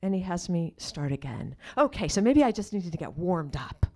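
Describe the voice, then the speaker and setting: A woman with a low voice tells a personal story on a live storytelling stage. She often sinks into hushed, near-whispered asides, then slows right down to deliver quoted questions. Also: sing-song. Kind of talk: personal storytelling before an audience.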